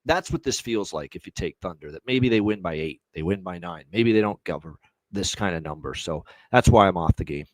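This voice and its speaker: A man co-hosting a casual sports betting show who talks in a rambling way with lots of filler phrases and gets loud and profane when he signs off. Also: low-pitched, lively intonation, brisk, no echo, rough recording. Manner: profane hype in sign-offs. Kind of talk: casual betting talk on a livestream.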